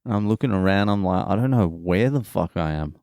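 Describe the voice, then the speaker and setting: This podcast host is a young Australian man whose casual solo monologue rambles along with plenty of swearing and dry humour, and he sounds sleepy. His low-pitched voice is expressive, brisk and a little mellow, in a dry recording.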